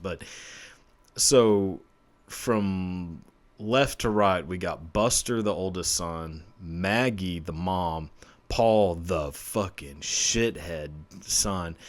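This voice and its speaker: A man's voice: deep voice, takes it slowly, fairly bright tone. A young man, hosting a profane, rambling comedy chat about a true-crime story and laughing at his own jokes. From Texas. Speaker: podcast host.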